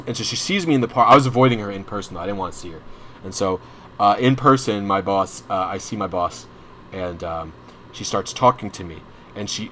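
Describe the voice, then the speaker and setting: A young man's fairly low, fairly bright voice carries a long personal story during a casual stream, with a little hiss or hum audible. He rambles and restarts often, slipping into asides, openly frustrated and anxious.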